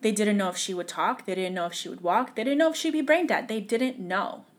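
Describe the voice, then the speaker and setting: A young woman appears as a guest on a podcast, recounting a painful story from her own life. Her mid-range voice is tearful and halting, and at times it sinks to a whisper.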